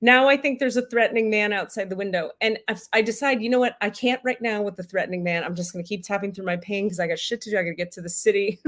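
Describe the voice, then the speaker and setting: A woman's voice: medium pitch, fast talker. A woman leads a comic spiritual livestream and tells a rambling personal story. Her voice sits in a middle range. She swears freely, keeps up the energy, and drifts into tangents before pulling herself back. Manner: profane, tangent-prone, animated storyteller. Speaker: spiritual teacher hosting a livestream.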